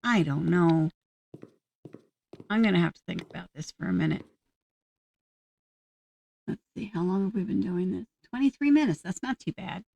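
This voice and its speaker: A woman giving casual gameplay commentary, musing aloud to herself at an unhurried pace. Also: fairly low pitch, lively intonation, gravelly, a little mellow, no room sound. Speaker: gaming channel host.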